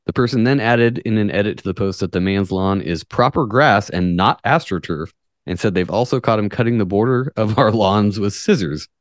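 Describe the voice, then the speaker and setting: A man's voice: lowish voice, normal speed, dry recording, clean studio sound. A man from the United States hosting a casual podcast, reading news stories aloud with sarcastic, profane asides. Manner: profane, jokey, reads articles with sarcastic asides. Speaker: podcast host.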